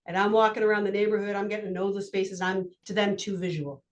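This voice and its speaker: A woman's voice: mid-range voice, steady tone, a little hiss or hum. A woman who works as a parking enforcement officer, talking candidly in an interview. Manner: candid, chatty, quick laughs. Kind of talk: conversational interview.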